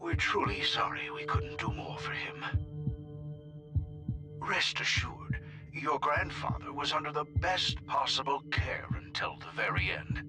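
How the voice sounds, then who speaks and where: A man voicing a doctor in a game, formal and measured on a call. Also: a little high, flat delivery, close to an everyday voice. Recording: voice over clear music.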